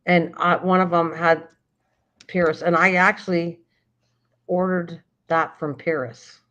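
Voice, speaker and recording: A woman's voice: lowish voice, fairly even intonation, unhurried, a bit bright. An older woman hosting a casual late-night chat, rambling and often restarting sentences while she searches for words. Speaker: livestream host. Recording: dull lo-fi stream audio.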